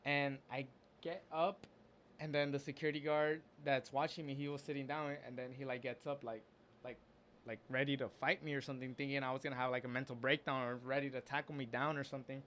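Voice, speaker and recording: A man's voice: mid-range voice, flat delivery, a bit bright, slight background noise. A man casually telling a story about something he went through, earnest and open, often stopping to restart his sentences. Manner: halting, with frequent restarts and fillers. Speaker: storyteller recounting a personal experience.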